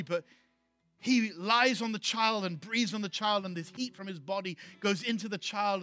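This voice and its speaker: A man's voice: high voice, sharp tone, dry recording, clean studio sound. A man preaching a sermon to his church, emphatic and repeating key phrases for effect. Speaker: pastor.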